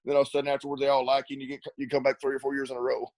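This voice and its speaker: A man's voice: mid-range voice, monotone, very fast, darkish tone, no room sound, rough recording. A middle-aged man, an ATV racer, telling rambling stories in a casual interview, laughing often and repeating words. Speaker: ATV racer and riding school coach.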